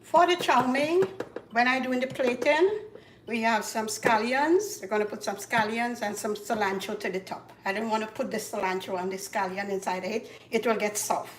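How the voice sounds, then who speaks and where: A woman with a Caribbean accent hosting a casual cooking demonstration, chatty and repeating herself, getting loud and emphatic when she makes a point. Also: on the high side, moderate pace, distant mic, a little hiss or hum. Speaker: cooking show host. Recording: echoey kitchen, voice from off-mic. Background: faint clatter of pots and dishes.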